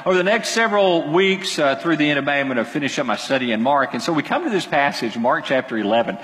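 A man preaching a sermon as pastor, animated and emphatic, with quick asides to his congregation. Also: fairly high pitch, big-room sound, rough recording.

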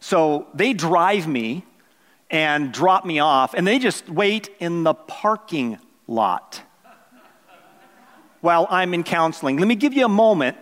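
A man's voice: on the high side, slow pace, in a large hall. A middle-aged man, a pastor, telling a personal story in a sermon, acting out the voices of people in it and joking with the congregation. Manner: animated, acts out quoted voices, jokes with the congregation.

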